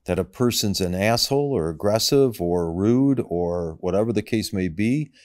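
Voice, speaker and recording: A man on a podcast as a guest, laying out his ideas in a calm, measured way. His voice sits low. The sound is dry, with no room echo. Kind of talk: conversational interview.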